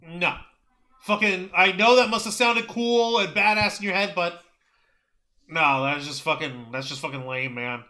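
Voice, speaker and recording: A high-pitched man with a very bright, sharp voice trades jabs on a wrestling review podcast. He swears freely and mocks with outrage. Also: a little slow. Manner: profane, mocking, outraged. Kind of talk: casual podcast chat.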